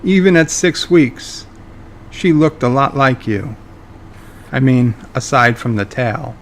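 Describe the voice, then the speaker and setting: A man's voice: medium pitch, lively intonation, takes it slowly, slight background noise. A man voicing a smug, omnipotent male trickster who talks in teasing riddles.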